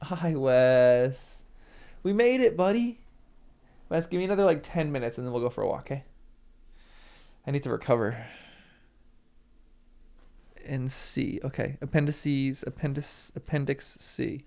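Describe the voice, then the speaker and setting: A man's voice: mid-range voice, moderate pace, vocal fry, long pauses, dark tone. A man hosting a live stream, chatting emotionally with viewers and reading from a book aloud.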